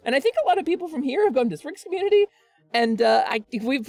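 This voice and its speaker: A woman streamer chatting casually with her viewers, earnest and animated, laughing often and restarting her sentences. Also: on the high side, no room sound.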